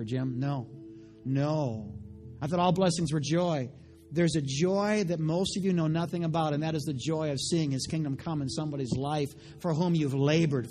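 A pastor preaching a sermon, retelling a story in voices and building to loud, passionate preaching. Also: male voice, a little high.

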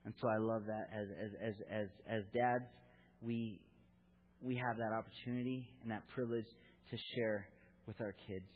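At a church gathering for fathers, a preacher in his thirties gives an earnest, candid sermon full of stories from his own family. His voice is on the low side and steady, at normal speed, captured in a tinny, phone-like lo-fi recording.

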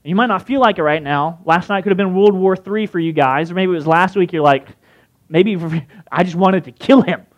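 A man with a fairly high voice delivers a sermon in a relaxed, conversational way. He often turns to his listeners with quick questions. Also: highs cut off. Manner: conversational, asks the crowd questions. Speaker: pastor.

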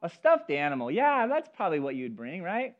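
High, lively male pastor preaching. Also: brisk, lo-fi sound. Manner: animated, talks directly to the congregation and children. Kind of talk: sermon with personal stories. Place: church service.

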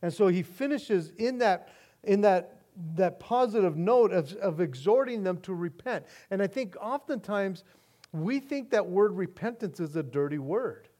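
Male pastor with a high voice, earnest sermon delivery with frequent restarts, moving between soft and emphatic. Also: animated, a little slow.

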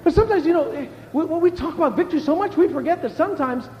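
A man preaching a sermon as a pastor, animated, moving between shouts and hushed asides and laughing often. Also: extremely high pitch, very fast, big-room sound, dull audio.

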